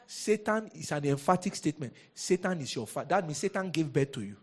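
A man preaching a sermon as a pastor, lively and rhetorical, often asking the congregation questions. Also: fairly high pitch, a little fast, husky.

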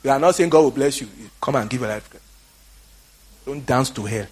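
Husky man with a Nigerian accent, fiery sermon, exhorting, quiet then shouting. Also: mid-range voice, moderate pace. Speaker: pastor.

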